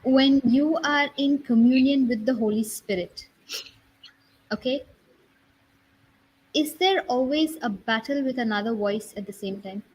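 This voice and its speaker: A woman in a group chat asking a careful, measured question. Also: a little high, darkish tone, breathy edge, low-quality recording.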